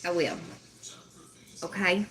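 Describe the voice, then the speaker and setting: A woman's voice: fairly low pitch, takes it slowly, fairly bright tone, slight background noise. A woman hosting a casual livestream, joking, laughing often and swearing playfully. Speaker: livestream host.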